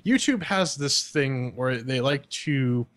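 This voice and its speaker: A man's voice: mid-range voice, lively intonation, slow, fairly bright tone. A man co-hosting a gaming podcast, making sarcastic wisecracks. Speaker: podcast co-host. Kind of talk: casual banter podcast.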